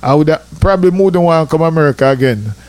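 A middle-aged man with a Jamaican accent, telling stories in a lively, chatty way as a radio host. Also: fairly high pitch, very fast, no room sound. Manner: lively, chatty, full of asides like "I tell you, man". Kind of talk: casual storytelling on radio.

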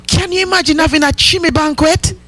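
A man's voice: very high voice, quick pace, pushed and bright. A man playing an older Jamaican woman hosting a comic radio call-in show, chattering in patois with cackling laughs. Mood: gossipy.

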